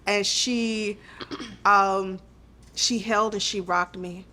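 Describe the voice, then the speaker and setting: A woman's voice: mid-range voice, steady tone, drawn-out words, bright, forceful tone. A woman guest on a podcast, telling a hard personal story in an earnest, intimate way, often repeating her phrases.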